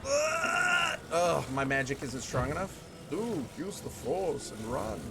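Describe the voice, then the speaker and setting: A man's voice: on the high side, big pitch swings, slow, creaky, heavy background noise. A man streaming a video game, chatting playfully with viewers and singing snatches of songs. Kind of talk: casual gameplay chat with chat readers. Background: game music.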